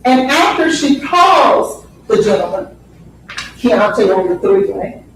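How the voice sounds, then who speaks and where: A woman defense attorney giving a courtroom opening statement, deliberate and emphatic, repeating phrases for effect. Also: a little high, sing-song, a little hiss or hum. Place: large courtroom. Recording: very echoey courtroom audio from far off.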